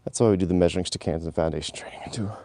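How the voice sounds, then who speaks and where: A man's voice: low-pitched, very fast, dark tone, no echo. A middle-aged man leading a live exercise class, giving step-by-step cues while moving, on a clip-on mic. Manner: coaching cues between moves, apologetic about the mic. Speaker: movement instructor. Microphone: clip-on mic worn while exercising.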